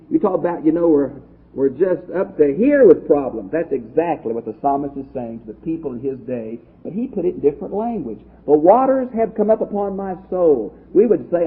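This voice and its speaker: Male pastor, Bible study class, husky, animated delivery, tinny lo-fi audio. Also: on the high side. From Texas. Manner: lively, conversational, asks the class questions. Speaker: pastor teacher.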